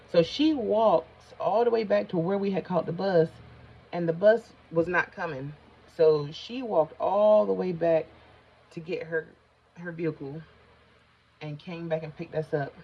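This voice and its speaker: A woman's voice: low voice, measured pace, gravelly, husky. A middle-aged woman chatting casually to her viewers while doing her makeup, rambling and easily sidetracked as she tells a story. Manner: chatty, colloquial, addresses viewers as y'all. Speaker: vlogger. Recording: slightly dull lo-fi sound.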